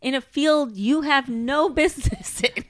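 A woman's voice: high-pitched, a little slow, a bit bright, no echo. A woman comedian appearing as a podcast guest, chatting casually and reacting with wry, emphatic, sarcastic asides. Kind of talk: casual chat.

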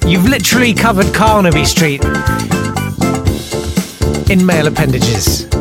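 A man's voice: sits high, lively intonation, a little slow, creaky, long pauses. A man hosting a podcast in a casual chat, wry and rambling with jokey asides. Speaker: podcast host. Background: loud music.

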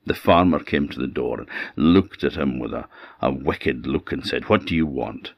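A man with an Orkney Scots accent telling a folktale in a relaxed, conversational way. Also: rumbling low, normal speed, creaky, no room sound, studio quality. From Orkney, Scotland. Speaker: storyteller.

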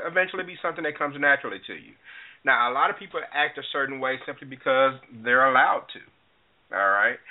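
A man hosting a call-in talk radio show, giving lively, lecturing commentary. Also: medium pitch. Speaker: radio host. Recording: tinny phone-like sound.

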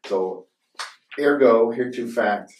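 A man's voice: mid-range voice, slow, a little mellow, slight background noise. A man hosting a podcast, chatting casually and rambling with many fillers and restarts. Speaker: podcast host. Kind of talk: casual conversation. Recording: roomy sound from a distant mic.

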